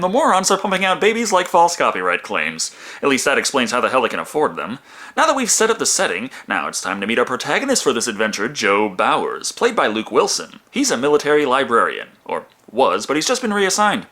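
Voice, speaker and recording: A male film reviewer narrates with sarcastic, wisecracking humor. His pitch leaps around in a highly animated way, and his tone is bright and forceful.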